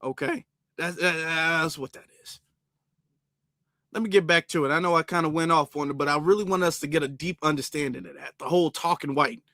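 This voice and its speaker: A man's voice: a little high, brisk, bright, forceful tone, dry recording, studio quality. A man giving casual, emphatic reaction commentary on a clip, talking straight to his viewers.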